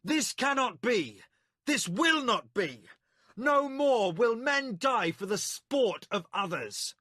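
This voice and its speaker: A man voicing a young male magician who shouts his commands with defiant, controlled rage. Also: mid-range voice, animated, normal speed, dry recording, clean studio sound, natural voice. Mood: furious shouting.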